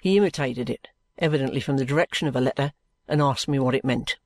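A reader voicing a sulky, gruff young man who answers in curt, grumbling sentences. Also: mid-range voice, fast talker, no room sound, close to an everyday voice.

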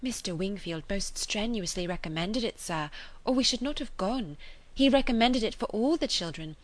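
A woman's voice: medium pitch, lively intonation, normal speed, pitched above the performer's own voice, natural voice. A woman reading the part of an attentive young mother speaking earnestly and eagerly to her father.

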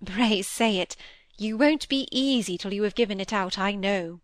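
A woman reading aloud, voicing a kindly, genteel lady of the manor with a gentle, coaxing manner. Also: medium pitch, normal speed, no echo, natural voice.

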